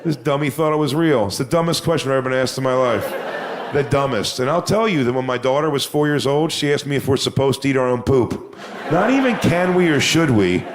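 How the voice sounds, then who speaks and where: A man performing a stand-up comedy set on stage, telling crude, swaggering stories and sometimes mocking people in high put-on voices. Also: expressive, a little fast, a crowd in the background. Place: comedy stage before a live audience.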